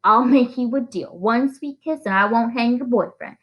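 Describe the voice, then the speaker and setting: A woman reading a novel aloud, voicing a drunk, leering small-town sheriff who speaks in a slow drawl. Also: fairly high pitch, muffled recording, pitched above the performer's own voice, natural voice. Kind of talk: audiobook reading with character voices.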